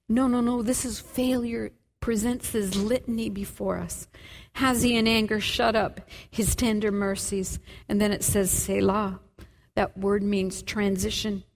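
High-voiced, fervent woman preacher. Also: fairly even intonation, normal speed. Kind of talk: sermon.

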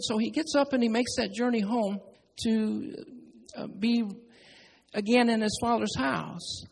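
A man's voice: very high voice, moderate pace, gravelly. A man preaching a sermon in a building, repetitive cadence, speaking to his congregation in a church. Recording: long hall reverb.

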